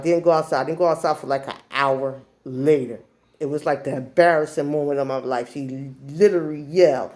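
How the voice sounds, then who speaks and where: A woman in her forties from New Jersey telling a personal story in a casual way, acting out the people in it with sudden shrill outbursts. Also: brisk. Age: 40s. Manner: animated, acts out voices in shrill outbursts.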